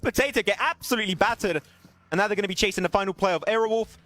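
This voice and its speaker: High, fast-talking young male esports caster. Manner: excitable, pitch jumps on big plays, laughs at himself. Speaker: esports caster streaming solo. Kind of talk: live game commentary with chat asides.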